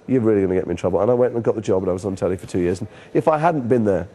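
A man from Liverpool with a fairly low, warm and mellow voice tells stories from his acting career in an interview. He talks in a lively, animated way and often breaks off and restarts his sentences. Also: very fast. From Liverpool, England. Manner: animated storyteller, frequent restarts. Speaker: actor, interview guest. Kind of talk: candid anecdotal interview talk.

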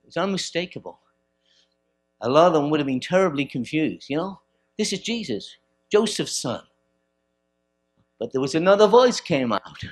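A man preaching a sermon at a church service, swinging from forceful bursts to quiet stretches. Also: on the high side, lively intonation, normal speed. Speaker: pastor.

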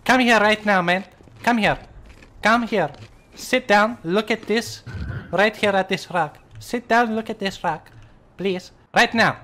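A man's voice: high voice, measured pace, sharp tone. A man pranking people in online game voice chat, crude and teasing, slipping into mock characters.

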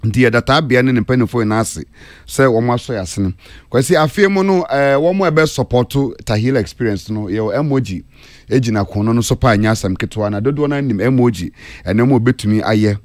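A man with a Ghanaian accent talking casually as a guest on a radio entertainment show, mixing English and Twi with drawn-out fillers. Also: mid-range voice, expressive, no echo.

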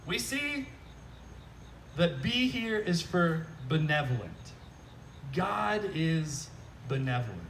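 With a slightly high voice, this pastor takes his time, leaving long pauses, as he preaches at an outdoor church service, heard from afar with a little hiss or hum. Still animated and joking, he talks conversationally and repeatedly asks "right?"

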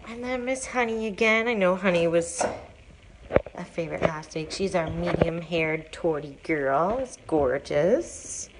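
Low-voiced woman cooing at shelter cats. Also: lively intonation, unhurried, background noise. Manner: coos to the cats in a high sing-song voice between plain explanations. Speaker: animal shelter manager. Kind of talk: live-streamed shelter tour. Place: cat room of an animal shelter, indoors.

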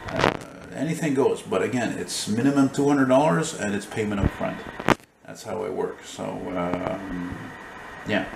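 A man's voice: lowish voice, a little slow, creaky, heavy background noise. A man, chatting in a rambling, filler-heavy way as he talks to a handheld camera in his studio. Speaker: painter vlogger. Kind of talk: casual handheld vlog chat. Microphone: handheld camera mic.

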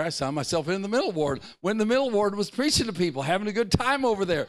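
An older male pastor with a strikingly high voice preaches to a live congregation in a church. He swings between fervent, shouted bursts and quiet, offhand asides. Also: sing-song, fast, hardly any pauses. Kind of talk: sermon.

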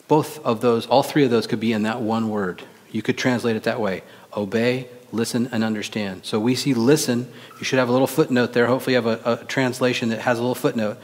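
Male pastor, sermon, animated delivery, reverberant church recording. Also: mid-range voice. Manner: animated, acts out quoted voices, rhetorical questions to the congregation. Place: church sanctuary. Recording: long reverb of a church hall.

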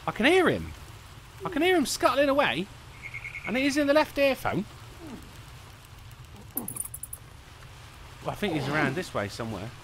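A man's voice: sits high, huge pitch swings, measured pace, long pauses, a bit bright, slight background noise. A man streaming a video game, rambling, swearing and mocking himself as he plays. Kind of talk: let's play commentary.

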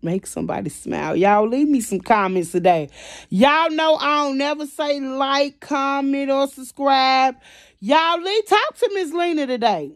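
A woman's voice: high-pitched, expressive, unhurried, dry recording. Venting woman vlogger, dry close sound. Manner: emotional, repeats "y'all" constantly; swings between quiet and loud. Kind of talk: venting to camera.

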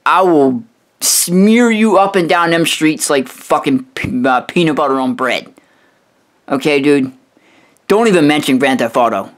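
A man on a profane, aggressive rant, voice sitting a little high for a man. He swears constantly and trips over his own words, repeating the start of a phrase several times before pushing on. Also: animated, unhurried. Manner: aggressive, swearing, repetitive stammering restarts. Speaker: video host roasting another creator.

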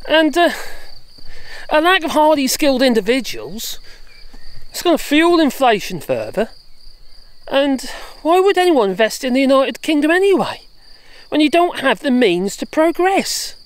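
A woman's voice: high-pitched, big pitch swings, normal speed. A woman vlogging outdoors while walking her dogs, ranting in an exasperated, sarcastic, chatty way. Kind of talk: ranting political vlog.

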